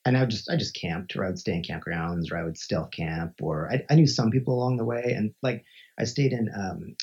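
A man from Montana, a podcast guest, telling a story in a lively, conversational way and acting out the voices he quotes, with many filler "like"s. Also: fairly low pitch, slightly rough. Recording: dull lo-fi recording.

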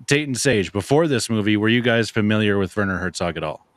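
A young man hosting a podcast in casual chat, relaxed and rambling, often laughing. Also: fairly low pitch, fast, no echo. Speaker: podcast host.

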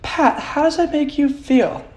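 A man putting on a soft-spoken therapist who asks gentle, leading questions. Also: very high voice, unhurried, roomy sound, pitched above the performer's own voice. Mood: probing.

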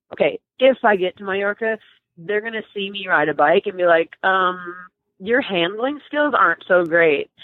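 A young woman telling a story in a casual interview, animated and emotional, with many restarts and laughs. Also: medium pitch, no echo. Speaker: guest. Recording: dry, tinny phone-like line.

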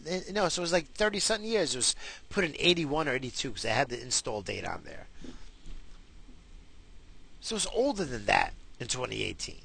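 Male vlogger, raspy and gravelly, tense edge, profane rambling rant. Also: mid-range voice, bright, forceful tone, slight background noise. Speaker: vlogger with a wife and kids. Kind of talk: casual rant to camera.

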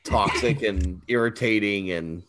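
Bright-voiced man with crude quips. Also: on the low side, unhurried, slight background noise. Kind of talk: casual podcast chat.

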